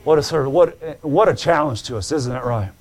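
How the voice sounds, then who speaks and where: A male preacher giving a fervent sermon, calling out to the congregation and swinging between shouting and hushed tones. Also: mid-range voice, brisk.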